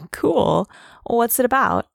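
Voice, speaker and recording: A woman's voice: on the high side, very animated, slow, gravelly, no room sound, clean studio sound, full character voice. An actress playing a young woman neighbor who talks in an easygoing, friendly, casual way. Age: young adult. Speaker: dorm neighbor.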